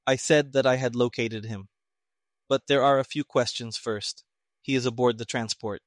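A quiet, measured detective lays out his reasoning in precise, even words, as a male reader voices him. The sound is dry and close, with no room around it. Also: mid-range voice, no room sound, lightly acted. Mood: calm. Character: calm, shrewd male detective.

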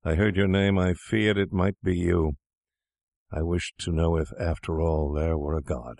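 A shabby old drunk, bitter and defiant, as a male narrator voices him, biting off short, blunt words. The voice sits deep and low in a dry, close recording. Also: fairly even intonation, measured pace, gravelly, a little mellow, no echo.

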